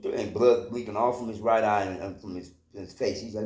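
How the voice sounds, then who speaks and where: A man's voice: lowish voice, fairly even intonation, fairly quick, a little mellow. A man casually telling a personal story from his own life, rambling, with lots of fillers and swearing. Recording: roomy echo.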